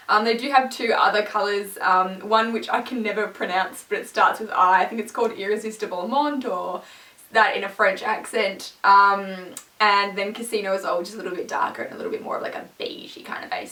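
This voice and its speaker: A woman's voice: fairly high pitch, animated, brisk, sharp tone, distant mic. A young woman chatting casually as a beauty vlogger, rambling and poking fun at herself. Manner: chatty, rambling, self-mocking. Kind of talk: casual chat. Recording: echoey room, mic set back.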